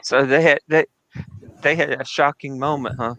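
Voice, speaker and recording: A man joins a casual livestream panel, stumbling and repeating himself as he tells dirty jokes. His voice is at a middle pitch and comes across dry and close. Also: steady tone, a bit bright, no room sound, low-quality recording. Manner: halting, repeats words while telling dirty jokes. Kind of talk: casual joke-telling.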